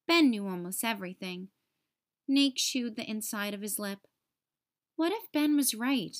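Woman teacher, children's read-aloud, high lively voice, unhurried. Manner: expressive, sing-song storytelling.

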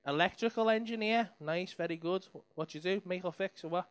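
A man's voice: high-pitched, brisk, clean tone, no room sound. A young man doing sweary, teasing crowd work on a comedy club stage. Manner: sweary, teasing banter with the audience. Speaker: stand-up comedian.

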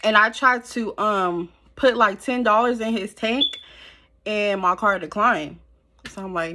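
A woman telling a storytime to her viewers, animated and blunt, swearing freely, sitting close to the camera at home. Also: mid-range voice, slow. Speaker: storytime vlogger. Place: at home in front of a ring light. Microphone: camera held close.

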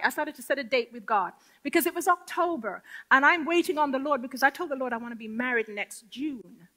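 A middle-aged woman giving a lively spoken testimony, storytelling with acted-out quotes. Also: high-pitched. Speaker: testimony speaker.

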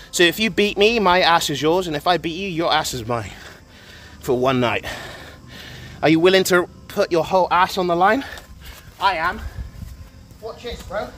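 A man live streaming in casual banter, brash and boastful, shouting and swearing at his chat. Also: fairly high pitch.

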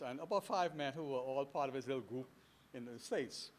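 An older Bahamian man in his seventies giving a lecture full of stories to a live audience. He is animated and anecdotal, breaking off for chuckling asides, and his voice sits slightly high for a man. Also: fast. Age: 70s. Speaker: guest speaker. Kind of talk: storytelling history lecture. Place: lecture hall before an audience.

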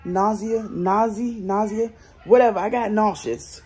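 A young Southern American woman chats bluntly and casually to her viewers from bed at home, swearing freely into her phone for a vlog. Her mid-range voice is mellow and slightly rough, with fairly even intonation and an unhurried pace.

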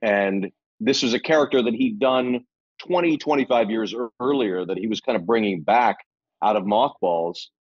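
A middle-aged man, an actor guesting on a podcast, telling stories in a lively, casual way and swearing freely. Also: on the low side, normal speed, dry recording, lo-fi sound. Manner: animated, swears casually, many restarts. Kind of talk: casual anecdotal storytelling.

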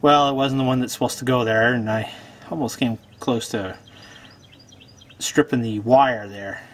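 This homestead channel host talks viewers through fixing a car in his garage, joking at his own expense as he works on the casual repair tutorial. He speaks in a steady mid-range voice at a moderate pace.

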